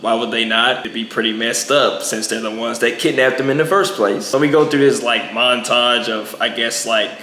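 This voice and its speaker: A man's voice: medium pitch, fairly even intonation, normal speed, hardly any pauses, sharp tone, roomy sound, slight background noise. A young man giving a casual, rambling movie review, packing in lots of filler words.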